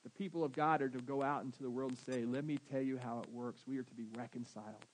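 A man's voice: medium pitch, fairly even intonation, quick pace, a little hiss or hum, rough recording. A man with a Southern American accent preaching a sermon as pastor, often asking his congregation questions.

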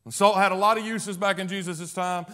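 Male pastor, high voice, emphatic sermon delivery with loud peaks and quiet stretches. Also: fairly even intonation, fairly quick. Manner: emphatic, swings from loud declarations to hushed low passages.

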